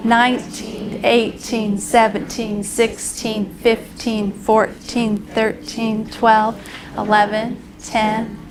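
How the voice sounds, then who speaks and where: In a training room, a woman teacher demonstrates a classroom lesson for other teachers, leading a group in counting aloud with hand signals. Her voice is a little high with little pitch movement, she speaks slowly, and there is background noise.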